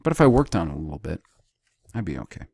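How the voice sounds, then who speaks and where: A man teaching a Bible study in a deliberate way. He repeats key words and pauses between phrases. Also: deep voice, very animated, creaky, a little mellow, breathy edge, no echo, studio quality.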